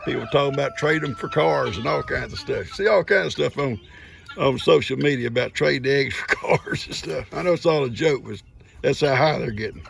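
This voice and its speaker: A man's voice: mid-range voice, fairly quick, gravelly, a bit bright. An older man, chatting casually to his camera and sweetly to his animals on his farm. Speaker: farm vlogger. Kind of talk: casual farm vlog narration. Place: outdoors on a farm. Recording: noisy outdoor farm recording.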